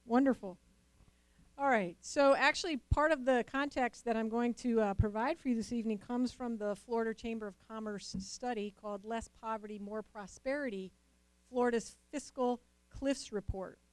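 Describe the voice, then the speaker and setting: A woman's voice: fairly high pitch, normal speed, no room sound, low-quality recording. A woman moderating a panel discussion at a dinner event, greeting the audience with energy before setting out the context.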